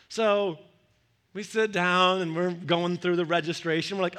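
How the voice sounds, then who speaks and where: A middle-aged male pastor preaching a sermon, telling a story with lively acted-out dialogue and frequent repeated phrases. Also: high-pitched, normal speed.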